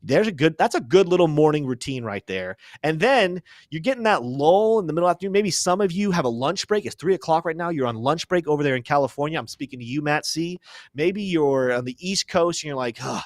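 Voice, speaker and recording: A man's voice: on the high side, expressive, a little fast, no room sound, studio quality. A young man hosting a live crypto show, chatting casually through chart commentary with joking, self-deprecating asides.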